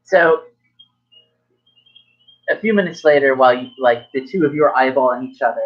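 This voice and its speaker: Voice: mid-range voice, moderate pace, muffled recording. A game master narrating a tabletop game in a casual, loose way, full of fillers.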